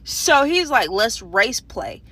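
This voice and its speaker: A woman telling a profane, animated story in a casual storytime rant from a parked car, speaking into a phone. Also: a little high, takes it slowly, slight background noise. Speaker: storyteller vlogger. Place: parked car in a parking garage.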